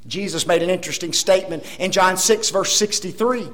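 Emphatic high-pitched male preacher. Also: normal speed, hardly any pauses. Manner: emphatic, rhetorical tag questions, dramatic swings between loud and hushed; addresses the congregation as folks. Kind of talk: sermon.

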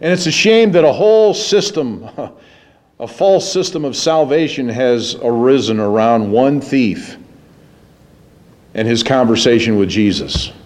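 A man preaching a sermon, moving from low, musing passages to raised, emphatic ones. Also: lively intonation, a little slow, darkish tone. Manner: dramatic, swings between low musing and high emphatic preaching.

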